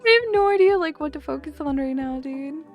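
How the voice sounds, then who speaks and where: A woman's voice: high-pitched, animated, a little fast, highs cut off, faint music behind. A young woman hosting a livestream, chatting casually with her chat and laughing often. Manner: giggly, chatty, lots of laughing. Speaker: streamer host.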